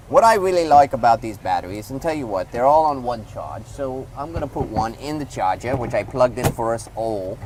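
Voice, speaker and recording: A man's voice: medium pitch, darkish tone, slight background noise, poor audio. A man giving a casual hands-on product review, rambling loosely and talking to the viewer as he demonstrates.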